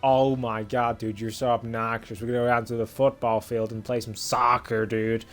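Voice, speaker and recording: A man's voice: medium pitch, level tone, moderate pace, soft background music, close to an everyday voice. A man voicing an airheaded young male American surfer dude in a put-on American accent, drawling and slangy.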